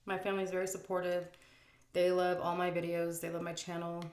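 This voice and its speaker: A woman's voice: on the low side, monotone, fairly quick. Casual woman vlogger, roomy sound. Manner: chatty, frank, reads questions aloud. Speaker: vlogger answering viewer questions. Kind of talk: casual chat while eating.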